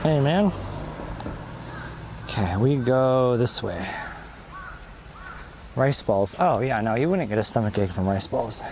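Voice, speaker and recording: A man streams himself walking down a country road, chatting loosely and replying to viewers while a little breathless from the climb. His mid-range voice is expressive, and he takes it slowly with frequent pauses, against background noise.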